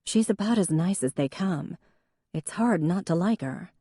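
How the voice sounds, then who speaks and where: A woman's voice: lowish voice, lively intonation, moderate pace, mellow, slightly rough, dry recording, clean studio sound. A woman reading a wry, self-mocking young woman. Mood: fond. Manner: wry, playful.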